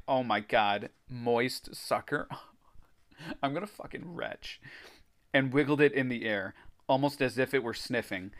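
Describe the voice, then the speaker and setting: Podcast guy reading a spooky kids story, medium pitch, laughing and cussing in between. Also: fairly bright tone. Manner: laughing, swearing asides. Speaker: podcast host. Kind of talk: reading a horror story aloud with casual comments.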